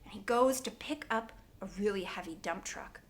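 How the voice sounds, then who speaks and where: A woman preschool teacher telling a story to young children, dramatic and animated, dropping into hushed whispers. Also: medium pitch, moderate pace.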